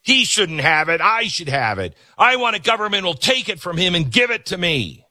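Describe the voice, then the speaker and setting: Whiny entitled man, high and nagging, a man putting him on. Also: very animated, normal speed, pushed and bright, heavily acted. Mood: whiny greedy. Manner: shrill, greedy, repeating demands.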